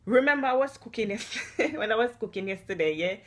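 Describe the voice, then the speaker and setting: A woman's voice: on the high side, animated, fast. A mother vlogger, lecturing her daughter in casual chat and laughing often, sounding tired and unwell. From Jamaica. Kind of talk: casual family vlog chat.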